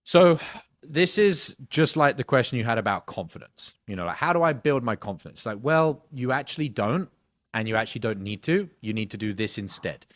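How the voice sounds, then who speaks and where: A man, a sales coach answering interview questions bluntly, swearing casually and telling animated stories. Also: mid-range voice, a little fast, dry recording.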